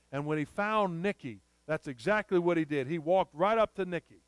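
A male preacher delivers a sermon in an emphatic storytelling manner, stretching out repeated phrases. His voice is smooth and slightly high. The sound is dry and close-miked. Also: fairly quick, hardly any pauses, no room sound.

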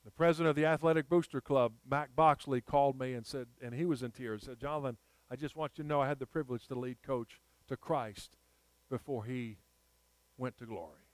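A man's voice: mid-range voice, fairly even intonation, a little fast, no echo. A man preaching a sermon, telling a personal story and rising to emphatic appeals.

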